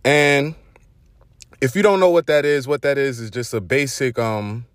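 A man's voice: mid-range voice, moderate pace, dry recording, clean studio sound. A young man with a Brooklyn accent hosting his own vlog, chatting loosely in street slang with lots of ums and restarts. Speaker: host. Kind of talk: casual vlog monologue.

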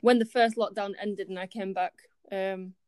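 A Yorkshire woman in her twenties, a student, chats casually as an interview guest with lots of ums and easy laughter. Her mid-range voice is steady, clear and resonant with a darkish tone at a normal speed, in a dry, clean studio recording.

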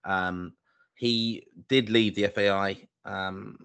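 A man from London gives his view in a steady, measured way, pausing on fillers as he goes. His voice is low and quite flat, with little rise and fall. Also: vocal fry, clear, resonant tone. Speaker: podcast co-host. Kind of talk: casual football chat.

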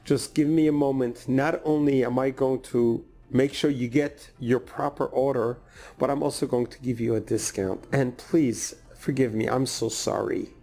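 A man voicing a humble restaurant manager who apologizes softly and speaks earnestly. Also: mid-range voice, steady tone, normal speed, gravelly, voice pushed down, close to an everyday voice. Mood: apologetic. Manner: soft, contrite, earnest.

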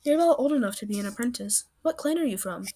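A woman doing a gentle motherly she-cat. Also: on the high side, lively intonation, fast talker.

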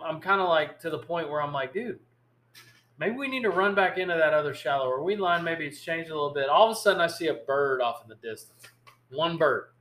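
Animated man telling stories. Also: a little high. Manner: animated, rambling storyteller who acts out quotes. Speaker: podcast host. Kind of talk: casual storytelling chat. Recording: echoey room.

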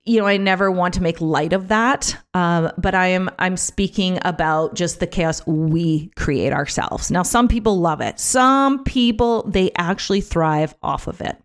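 A woman talking casually on her own podcast, chatty and animated, with many fillers and restarts, sometimes acting out other people's voices. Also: on the low side, a little slow, few pauses. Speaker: podcast host. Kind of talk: casual solo podcast talk.

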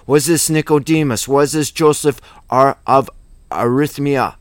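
A man's voice: medium pitch, measured pace, no room sound. Emphatic rambling male Bible teacher. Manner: rambling, emphatic, conversational with asides. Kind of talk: informal Bible study sermon.

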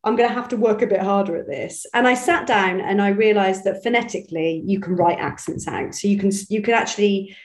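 A woman's voice: mid-range voice, brisk, hardly any pauses. A woman from Bristol, a voice actress chatting in an interview with many restarts and self-deprecating asides. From Bristol, England. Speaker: voice actress guest. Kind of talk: casual interview chat. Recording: echoey room.

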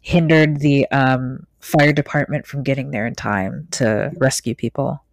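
A woman's voice: very deep voice, fairly even intonation, a little slow, no room sound. A woman co-hosting a casual podcast chat about astrology, laid-back and hesitant, trailing off with fillers. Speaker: podcast co-host.

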